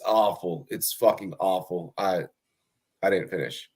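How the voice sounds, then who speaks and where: Deep-voiced young man rambling casually. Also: a little slow, darkish tone, breathy edge. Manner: rambling, many fillers and restarts. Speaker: fantasy football show host. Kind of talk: casual profane podcast chat.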